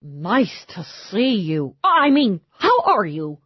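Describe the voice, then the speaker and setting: A woman's voice: mid-range voice, sing-song, slow pace, slightly rough, dry recording, dull audio, full character voice. Woman voicing a flustered young police aide. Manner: formal, stammering. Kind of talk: audiobook narration.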